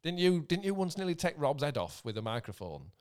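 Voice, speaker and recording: A man's voice: fairly high pitch, a little fast, smooth. A man, a touring band member, animatedly telling stage stories in casual chat. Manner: animated storyteller, repeats himself.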